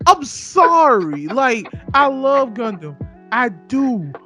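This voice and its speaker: This is a man speaking in a heated, profanity-laced podcast rant. He takes his time, and his pitch swings widely as he hammers each point again and again. Faint music plays underneath. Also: very animated, takes it slowly, sharp tone. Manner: heated, profane, repetitive ranting. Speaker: podcast co-host.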